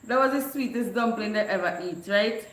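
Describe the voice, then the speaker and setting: Casting: woman vlogger, animated storyteller, laughs a lot, roomy echo. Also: mid-range voice, brisk. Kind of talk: casual storytelling chat. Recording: echoey room.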